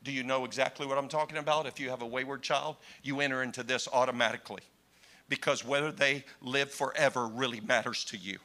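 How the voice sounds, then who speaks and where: A man delivers a sermon with a bright, forceful voice. He drops to slow, hushed phrases, then climbs into impassioned cries. He talks straight to his congregation. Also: medium pitch, steady tone. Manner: impassioned, swings from hushed to shouting. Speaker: preacher.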